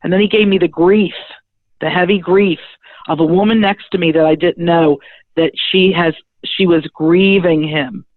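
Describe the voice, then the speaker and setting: Middle-aged woman, spiritual medium, lively storyteller, acts out dialogue, thin phone-like sound, dry. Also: fairly low pitch, moderate pace, dry recording. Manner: lively, chatty, acts out the dialogue in her stories. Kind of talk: animated personal storytelling.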